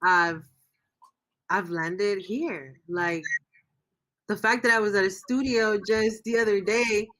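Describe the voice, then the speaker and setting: A woman's voice: mid-range voice, fairly bright tone. A woman guest in a casual livestream interview, talking in an emotional, rambling way as she searches for words.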